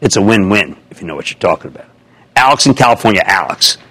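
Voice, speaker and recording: A man in his sixties hosting a stock market call-in show on TV, talking emphatically with jokes and rapid asides. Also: on the low side. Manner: emphatic, excitable, jokey, riffing. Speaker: host. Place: TV studio.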